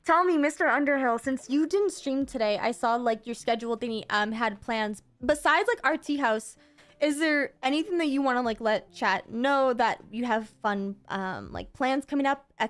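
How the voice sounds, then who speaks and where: A woman's voice: on the high side, animated, normal speed, a bit bright. A woman hosting her birthday stream, chatting casually in an upbeat, talkative way with lots of fillers. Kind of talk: casual chat.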